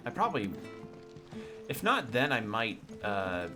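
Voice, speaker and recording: A man's voice: on the low side, sing-song, measured pace, music in the background. A man streaming a video game, commenting casually with sarcastic jokes and rambling asides.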